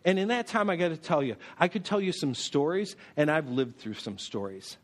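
A man's voice: fairly high pitch, lively intonation, brisk. A male pastor preaching a sermon, emphatic, repeating key phrases and acting out quoted voices.

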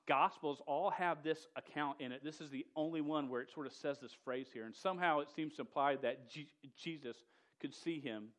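A man with a mid-range, slightly bright voice preaches a sermon in a casual, slangy style, saying "dude" and "y'all." He often stutters, repeating the beginnings of words.

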